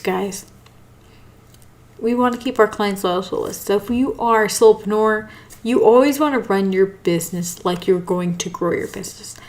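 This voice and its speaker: A woman's voice: medium pitch, a little mellow. A woman hosting a casual live talk, tired and yawning, apologetic and rambling. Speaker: host.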